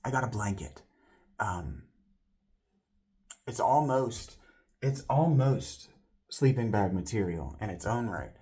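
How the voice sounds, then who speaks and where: A man's voice: fairly low pitch, expressive, slow pace, long pauses, mellow. A man vlogging a casual personal story, rambling, with frequent restarts and self-corrections, and voicing other people's lines as he retells it.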